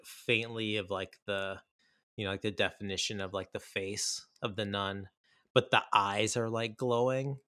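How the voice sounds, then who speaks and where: A man's voice: lowish voice, a bit bright, dry recording, studio quality. A man co-hosting a casual chat about horror films, enthusiastic and rambling, with many fillers and restarts. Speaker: podcast co-host.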